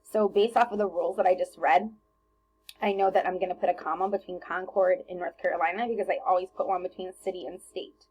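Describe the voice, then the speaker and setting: A woman teacher talking students through a recorded grammar lesson on slides, relaxed and chatty with lots of ums and self-corrections. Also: lowish voice, husky, rough recording.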